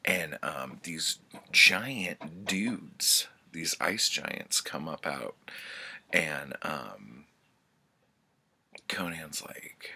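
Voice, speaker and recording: A man's voice: extremely low pitch, animated, slow pace, pushed and bright, breathy edge. A man who runs a book channel, retelling a story in a casual, rambling way, full of fillers and swearing. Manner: rambling, filler-heavy, profane. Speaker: book vlogger.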